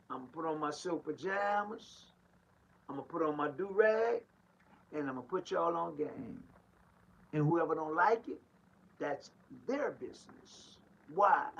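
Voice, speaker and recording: A man preaches in a streetwise, emphatic way, firing off rhetorical questions and repeating his points. His voice sits fairly high and swings widely in pitch. The tone is gravelly and husky. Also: a bit bright, highs cut off. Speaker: pastor. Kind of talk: street-style preaching monologue.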